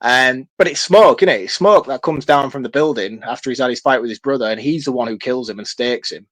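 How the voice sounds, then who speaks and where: A man co-hosting a casual film-review podcast, excitable and swearing freely in long runs. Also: mid-range voice, brisk. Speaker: podcast co-host.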